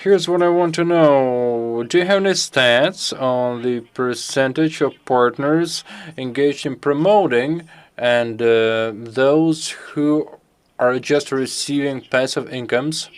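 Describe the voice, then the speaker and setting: Male interpreter for a live Q&A, unhurried and clear-toned, pauses to find words. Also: medium pitch. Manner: halting, picks words as he goes.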